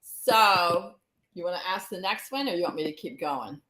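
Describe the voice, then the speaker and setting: A woman's voice: fairly low pitch, expressive, normal speed, sharp tone. Upbeat woman host in an echoey room. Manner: upbeat, laughs easily. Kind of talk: casual interview chat.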